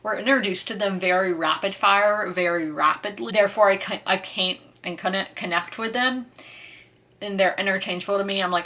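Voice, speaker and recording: A woman's voice: medium pitch, moderate pace, bright, forceful tone. A woman book vlogger talking casually about her reading in a chatty, rambling way, often correcting herself. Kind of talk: casual chat.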